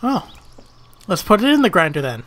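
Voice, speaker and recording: Annoyed guy playing a game, cussing a lot, sharp bright voice, bit of noise behind. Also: high-pitched, sing-song, moderate pace. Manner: frustrated, swearing, exasperated. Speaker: gaming video host. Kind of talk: let's play commentary.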